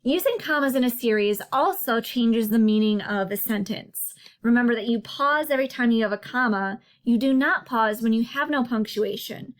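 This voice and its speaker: A woman narrating a slide lesson as a writing tutor, explaining patiently and slowing down to stress each example. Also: a little high. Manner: clear, patient explaining with slow emphasis on examples.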